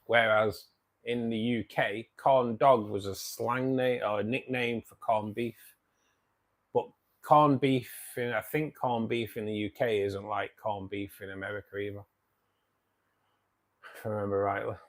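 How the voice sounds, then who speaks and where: Gravelly, low-voiced British man. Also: fairly even intonation, measured pace. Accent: British English. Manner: chatty and matey, swears casually, chuckles often. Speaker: live-stream host reading viewer comments. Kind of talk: casual live-stream chat.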